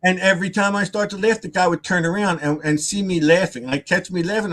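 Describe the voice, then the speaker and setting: A man's voice: sits high, fast, hardly any pauses. A man casually telling a long, rambling story on a live stream. He repeats himself, adds asides and acts out other people's lines. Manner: animated and rambling, with repeated words, asides and laughter.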